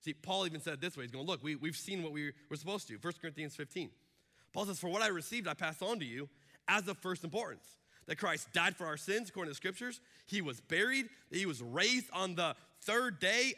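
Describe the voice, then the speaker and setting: A man preaching a sermon as pastor, animated and acting out the voices he quotes. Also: high voice, brisk. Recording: long hall reverb.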